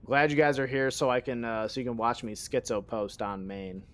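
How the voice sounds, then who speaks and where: A man's voice: mid-range voice, steady tone, normal speed, a bit bright. A man streaming a game live, rambling and joking in casual chat and swearing freely.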